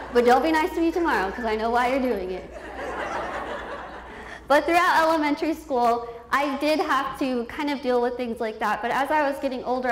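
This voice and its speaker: A woman's voice: a little high, background noise. A woman in her twenties telling her life story as a motivational speaker, candid and self-deprecating, laughing often. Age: 20s. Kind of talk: personal storytelling speech. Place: event hall with a youth audience. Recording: echoey room.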